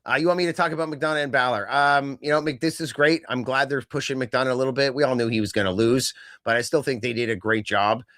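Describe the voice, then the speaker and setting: A man's voice: medium pitch, steady tone, fast talker, hardly any pauses, a bit bright, dry recording, studio quality. A man co-hosting a podcast, chatting casually in a rambling way with lots of fillers and quoted asides. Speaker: podcast co-host. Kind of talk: casual wrestling chat.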